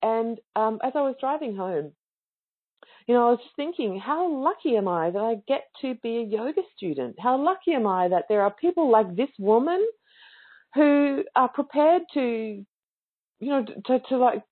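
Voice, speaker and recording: A woman's voice: a little high, animated, normal speed. A woman telling a casual, enthusiastic story about a yoga class in a chatty way, and she acts out the other people's lines. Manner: chatty and enthusiastic, acting out quoted voices. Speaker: yoga student speaking to yoga teachers. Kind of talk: casual spoken anecdote. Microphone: online call or webinar audio. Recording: narrow phone-like sound.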